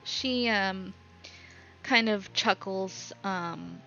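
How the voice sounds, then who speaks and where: A woman narrating as dungeon master of a live-streamed tabletop game, halting and full of ums, in a slightly dull lo-fi recording. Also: mid-range voice, pushed and bright, soft background music. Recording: slightly dull lo-fi sound with faint noise.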